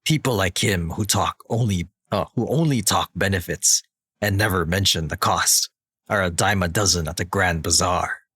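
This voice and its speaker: A man voicing a bitter, wary male villain scholar in a slow, grave reading. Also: deep voice, fairly bright tone, breathy edge, no echo, clean studio sound, pitched below the performer's own voice. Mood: grave warning.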